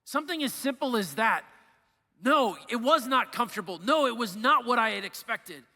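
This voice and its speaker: A young male priest preaching with a high, bright voice that rings through a church's long reverb. He tells personal stories in a relaxed, conversational way and acts out the lines he quotes. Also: normal speed.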